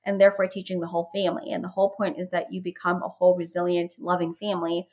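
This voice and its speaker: A woman's voice: lowish voice, rapid-fire, low-quality recording. Chatty woman telling stories on a podcast. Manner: animated storytelling, many "I was like" asides. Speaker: podcast guest, parenting course creator. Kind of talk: casual podcast conversation.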